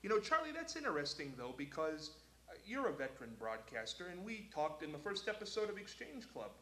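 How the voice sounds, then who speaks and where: A man's voice: fairly high pitch, a little fast, echoey room, a little hiss or hum, rough recording. A man hosting a local talk show, chatting and telling stories on air. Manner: storytelling, animated. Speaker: host. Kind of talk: casual talk show chat.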